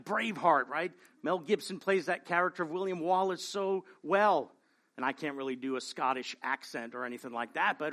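This high-sitting, fairly bright male voice belongs to a pastor delivering a sermon earnestly. He often checks in with the congregation by adding "right?" to his points.

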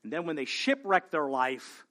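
A man preaching a sermon as pastor, swinging from hushed, slow lines to loud, pleading calls. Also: fairly high pitch, sing-song.

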